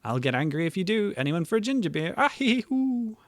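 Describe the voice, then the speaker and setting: A man's voice: sits high, big pitch swings, fast talker, no room sound, studio quality, voice pushed up. A man doing a hammy pirate character's voice. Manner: hammy pirate voice, sing-song. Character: pirate-talking male game character. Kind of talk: reading game dialogue aloud.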